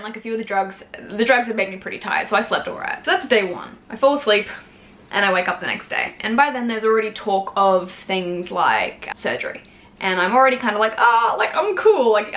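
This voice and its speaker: Fast, bright-voiced chatty young woman. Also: medium pitch. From Australia. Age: 20s. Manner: chatty, frank and swears freely, acts out her own quotes. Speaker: vlogger. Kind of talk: casual storytelling to camera.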